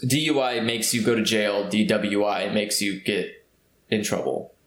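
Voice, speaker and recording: A man's voice: on the low side, unhurried. Man, from California, casual rambling storytelling, lots of fillers, roomy echo. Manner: rambling, with many fillers and restarts.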